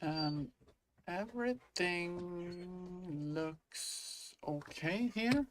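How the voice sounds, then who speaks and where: An indie game developer chats casually in a dev-log vlog, his high, expressive voice moving very slowly over a noisy background. He rambles with lots of fillers and restarts, thinking aloud as he works.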